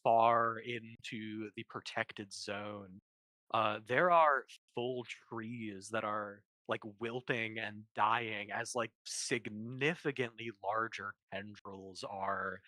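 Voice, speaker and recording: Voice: mid-range voice, steady tone, takes it slowly, pushed and bright, dry recording. A game master narrating a tabletop session, hesitant with many fillers.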